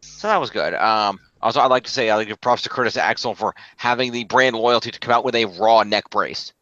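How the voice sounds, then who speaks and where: A man's voice: lowish voice, fairly quick, fairly bright tone, no echo, highs cut off. A man co-hosting a casual podcast, recapping wrestling matches in order with a few fillers. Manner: recaps results, fillers and restarts. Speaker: podcast co-host.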